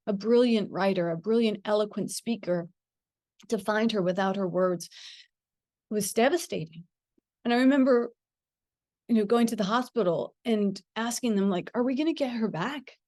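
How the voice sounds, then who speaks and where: A middle-aged woman telling a personal spiritual story. She talks in an earnest, reflective way with gentle pauses and frequent small laughs. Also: mid-range voice, dry recording, clean studio sound. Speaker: spiritual teacher.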